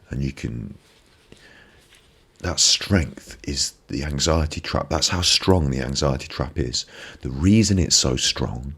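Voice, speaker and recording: Gravelly, very deep-voiced man. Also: fairly bright tone. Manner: reflective, repeats phrases for emphasis. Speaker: ASMR live-stream host. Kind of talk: motivational talk on a live stream. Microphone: binaural microphone.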